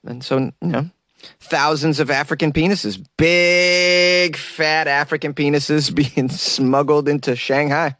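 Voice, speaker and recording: A man's voice: fairly high pitch, fairly even intonation, unhurried, a bit bright, dry recording, clean studio sound. A man hosting a daily comedy podcast, riffing irreverently on strange news and laughing at his own jokes.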